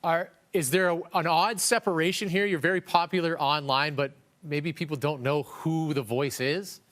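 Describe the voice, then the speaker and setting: A man's voice: fairly high pitch, steady tone, normal speed, fairly bright tone. A male TV news host doing a friendly, bantering morning interview.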